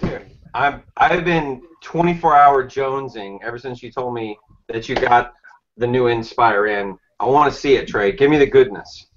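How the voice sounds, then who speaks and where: A man's voice: medium pitch, moderate pace. Teasing man on a muffled call. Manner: playful, teasing. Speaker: co-host. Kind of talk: joking banter. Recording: dull video-call audio.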